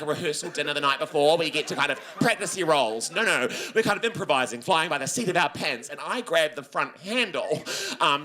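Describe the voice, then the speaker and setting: Young nz guy doing stand-up, bright high-ish voice, jumps between squeaky panic and low grumbly impressions. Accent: New Zealand. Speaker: stand-up comedian. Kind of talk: stand-up storytelling. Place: comedy venue with laughing audience.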